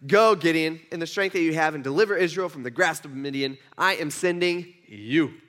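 A man voicing God, who gives calm and direct commands. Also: on the high side, a little fast, lightly acted. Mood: commanding. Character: commanding God giving orders.

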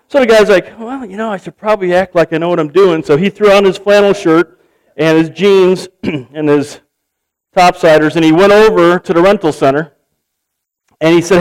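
A man's voice: high-pitched, moderate pace, rough recording. A man preaching a sermon, telling a joke story and acting out its characters with animation. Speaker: pastor.

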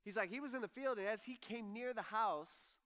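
A man's voice: sits high, brisk, a bit bright. A man preaching a sermon in a casual, conversational way, acting out the people he quotes. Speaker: pastor. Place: church hall with audience.

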